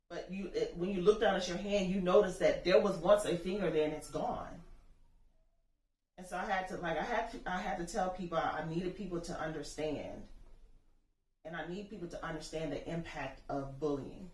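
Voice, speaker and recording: A woman's voice: fairly low pitch, normal speed, a little mellow. A bereaved mother giving a personal testimony in an earnest, impassioned way, acting out what people said. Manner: earnest, impassioned storytelling that acts out dialogue. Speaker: bereaved mother telling her story. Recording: echoey room, distant mic, faint noise.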